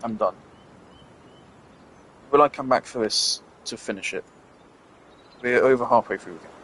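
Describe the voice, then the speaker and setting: A man's voice: mid-range voice, fairly bright tone, slight background noise. A man giving let's play commentary over a game, swearing freely and ranting in exasperation. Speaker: gameplay commentator.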